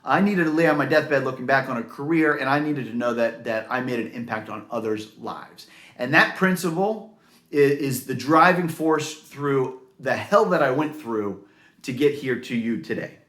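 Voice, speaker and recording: A man's voice: medium pitch, animated, moderate pace, a bit bright, echoey room. A man telling his own career story in an earnest, heartfelt way, with many fillers. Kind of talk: personal story to camera.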